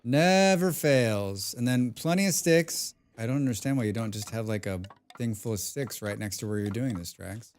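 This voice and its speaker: A man's voice: lowish voice, fairly quick, hardly any pauses, a little mellow. A man casually chatting on a game live stream, humming and mumbling nonsense sounds between remarks. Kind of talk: casual live-stream chat while playing.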